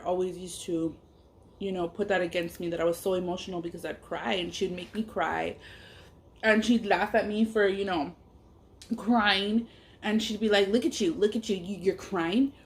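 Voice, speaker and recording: A woman and mother telling a personal story while eating on camera, talking in a blunt, emphatic way, swearing freely and speaking openly about her feelings. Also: mid-range voice. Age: adult parent. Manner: candid and emotional. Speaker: mukbang vlogger.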